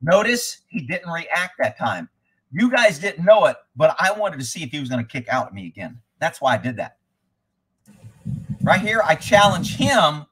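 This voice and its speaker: A husky-voiced man with a voice a little higher than most men's talks through riding footage live. He is a horse trainer, blunt and rambling, and he swears freely as he explains. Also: fairly bright tone.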